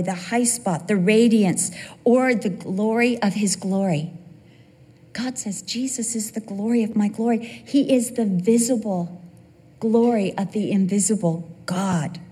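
An older woman preaching a sermon, shifting between hushed near-whispers and excited, quick bursts. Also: mid-range voice, slightly rough, in a large hall.

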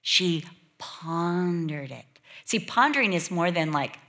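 A woman preaching a sermon, telling a childhood story with lively acted-out voices. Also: on the low side, unhurried. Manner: animated, acts out quoted voices and childhood fears.

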